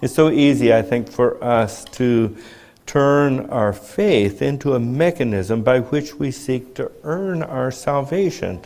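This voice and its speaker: A man preaching a sermon in a measured teaching tone, asking rhetorical questions as he explains. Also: medium pitch, animated, a little mellow.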